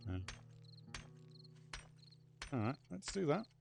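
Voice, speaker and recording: A male game streamer rambles casually through his play, swearing freely. His voice is gravelly and creaky and his pitch moves in lively swings. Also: takes it slowly, music in the background. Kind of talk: casual gameplay commentary.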